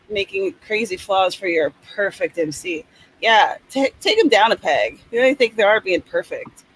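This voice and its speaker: A woman's voice: mid-range voice, rough recording. A woman hosting a live writing stream, chatting casually and reading out viewers' comments. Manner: chatty, reads out comments, playful asides.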